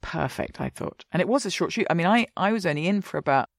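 Woman, rapid chatty interview guest, dry studio sound. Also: lowish voice, gravelly, dry recording. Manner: chatty, animated, acts out quotes. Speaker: actress guest. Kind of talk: casual interview.

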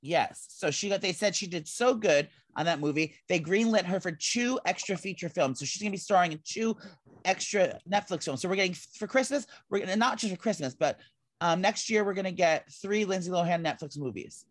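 A man co-hosting a casual gossip podcast, rambling and excitable, swearing casually. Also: high voice, brisk, no room sound. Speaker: podcast co-host.

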